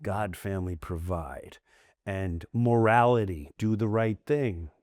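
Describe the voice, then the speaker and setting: In a studio-quality recording without echo, a middle-aged American comedian speaks at a fairly low pitch and takes it slowly. He's a podcast guest telling candid stories in a long-form interview, bursting with animation, frequently restarting, and voicing the people he quotes.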